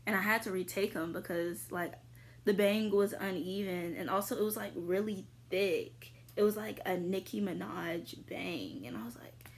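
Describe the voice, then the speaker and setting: A young woman chats casually to her viewers in a relaxed, unhurried way, her pitch sitting in an ordinary middle range. She leans on fillers as she rambles through her answers, now and then jumping into a sudden excited squeal. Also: gravelly. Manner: chatty, filler-heavy, with sudden high squeals. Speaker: vlogger answering viewer questions. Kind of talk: casual chat.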